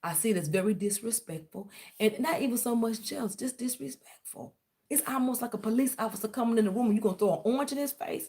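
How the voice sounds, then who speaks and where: With a mid-range, slightly mellow voice, the host of a tarot channel confronts a former client in a heated livestream. She addresses viewers bluntly, swearing heavily as she rants.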